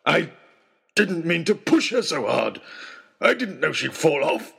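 A man's voice: a little high, big pitch swings, measured pace, vocal fry, slightly rough, pitched above the performer's own voice, heavily acted. A man doing a wild, ragged, furious hunter. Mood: ranting. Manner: shouting and menacing.

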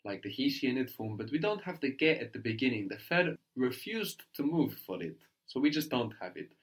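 A man teaching a language lesson, patiently prompting his student and repeating each answer slowly. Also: mid-range voice, very animated.

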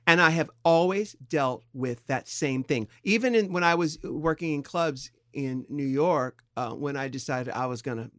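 A middle-aged man from San Diego, co-hosting a podcast in candid, casual talk, thoughtful and halting with expressive swings in pitch. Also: no room sound, clean studio sound. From San Diego, California. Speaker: podcast co-host.

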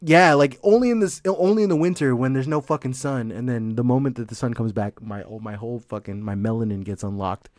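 A man's voice: mid-range voice, a little fast, hardly any pauses, a little mellow. A young man chatting casually on a podcast, telling rambling, profane stories and laughing often. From Mexican heritage. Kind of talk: casual chat.

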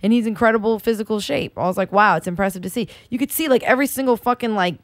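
A woman's voice: a little high, racing, no echo. A woman chatting on a podcast, telling stories with lots of swearing and animation. Her voice sits in a middle register. The sound is dry and close. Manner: profane, animated storytelling. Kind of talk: casual chat.

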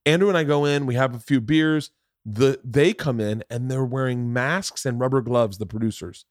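A man's voice: mid-range voice, normal speed, no echo, clean studio sound. A man hosting a podcast, telling a long rambling story in casual chat, swearing freely. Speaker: podcast host.

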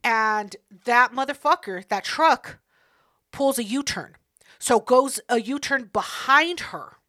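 A woman's voice: on the high side, animated, slow, sharp tone, no room sound, studio quality. A woman co-hosting a podcast, telling a story in a blunt, profane, rambling way and correcting herself as she goes. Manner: self-correcting, rambling asides. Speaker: podcast co-host. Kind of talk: casual storytelling chat.

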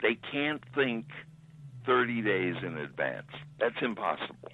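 An older man with a very deep voice speaks slowly, making dry remarks. He sounds thin and tinny, as if over a phone line, with a dry close sound. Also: big pitch swings. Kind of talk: casual chat.

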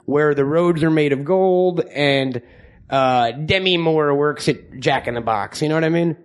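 Profane teasing comedy podcast host. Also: male voice, on the high side, measured pace, smooth. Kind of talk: crude comedic banter and ad read. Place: live show venue in front of audience.

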